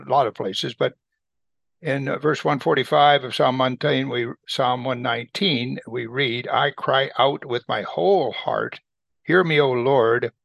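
A man slowly reading and explaining Bible verses, repeating phrases for emphasis in a deliberate teaching style. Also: medium pitch, gravelly, a bit bright, no room sound.

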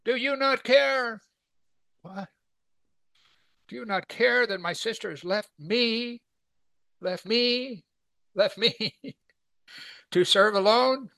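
A man's voice: slow pace, vocal fry, long pauses, pushed and bright, no room sound, exaggerated voice. A man voicing an overworked woman who complains indignantly that she is left to do all the work alone. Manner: shrill, pleading, exasperated.

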